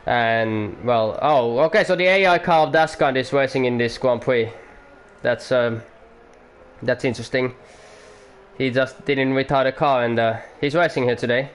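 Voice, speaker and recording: A man giving casual, rambling commentary on an online racing league, excitable and full of fillers. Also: medium pitch, normal speed, slight background noise.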